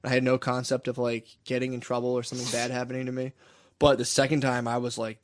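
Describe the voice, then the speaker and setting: A man's voice: mid-range voice, monotone, fast. A young man co-hosting a podcast, telling rambling, profane stories in casual chat and laughing often. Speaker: podcast co-host.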